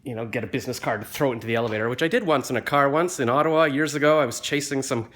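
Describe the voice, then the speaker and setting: A mid-range male voice races through a casual, self-deprecating story as a vlogger at home after the gym, phone held in hand near his face. He rambles, getting louder and more animated as things build.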